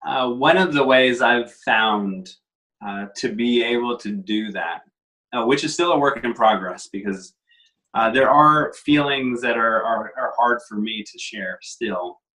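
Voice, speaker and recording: A man talking as a guest in a casual conversation, reflective and measured, with frequent pauses. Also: medium pitch, pushed and bright, rough recording.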